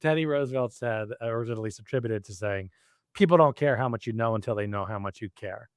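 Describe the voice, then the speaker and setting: A middle-aged man talking as a guest in a casual interview, animated and quick to laugh, acting out his own quoted lines. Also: medium pitch, no room sound. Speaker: podcast guest, executive coach.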